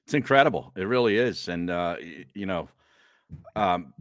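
A man's voice: low-pitched, expressive, normal speed, fairly bright tone, no echo, clean studio sound. A man co-hosting a casual sports podcast, telling long rambling anecdotes. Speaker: podcast co-host.

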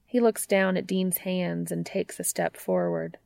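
A woman narrating a fan fiction story with calm, intimate delivery. Her voice sits low with a heavy gravelly fry, close to the mic in a dry, dead space. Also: a little slow, dry recording.

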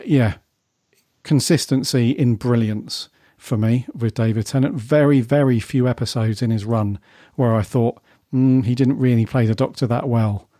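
Male podcast host from Britain, mellow and easygoing, leads the conversation. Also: mid-range voice, moderate pace, dry recording, studio quality. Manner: relaxed, leads the discussion. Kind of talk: casual chat.

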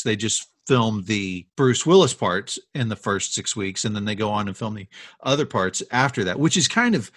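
Recorded cleanly in a studio with no echo, a male co-host with a medium-pitched, slightly bright voice spins movie history tales. He's a rambling, talkative storyteller who restarts and wanders into asides.

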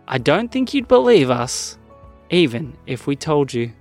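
Guy doing a nervous little girl voice, way up high, storybook kid. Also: very animated, a little slow, darkish tone, soft background music. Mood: worried. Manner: high, anxious child voice. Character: young girl, worried and sensible.

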